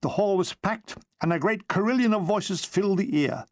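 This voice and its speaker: A man reading a memoir aloud as an audiobook, with expressive comic timing. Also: high voice, moderate pace, dry recording, clean studio sound. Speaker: audiobook reader. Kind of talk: audiobook narration of a war memoir.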